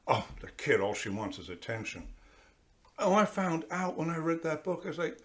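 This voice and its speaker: In a church, a male priest delivers a chatty sermon in a slightly high voice at normal speed. He addresses the congregation directly with lots of energy, slipping into small character voices as he talks.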